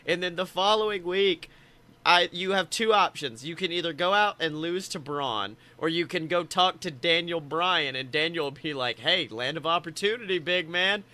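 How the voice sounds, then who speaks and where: Young man, bright tense voice, excitable, casual podcast chat. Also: a little high, moderate pace. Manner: excitable storytelling, acts out quotes. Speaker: podcast co-host.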